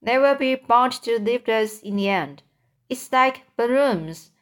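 A woman voicing a young boy who calmly explains his plan in a storybook reading. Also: on the high side, measured pace. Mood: determined. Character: young boy, calm and determined.

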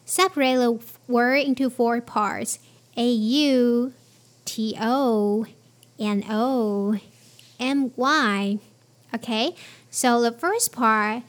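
Slow, careful woman teaching pronunciation. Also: on the high side. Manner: spells out letters and repeats words slowly and clearly.

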